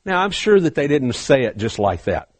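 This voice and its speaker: A man preaching a sermon, swinging from hushed, slow passages to loud, fervent ones. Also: medium pitch, sing-song, dry recording.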